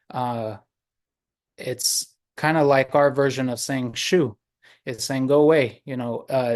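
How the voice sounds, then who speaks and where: A man telling a traditional story to an online audience, unhurried, with many pauses and fillers. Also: mid-range voice. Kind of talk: oral storytelling. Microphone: video call.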